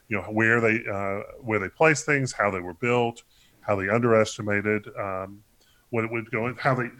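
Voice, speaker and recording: A man co-hosting a podcast, speaking in a halting way, repeating words as he searches for his phrasing. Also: on the low side, pushed and bright. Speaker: podcast co-host. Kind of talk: casual book discussion.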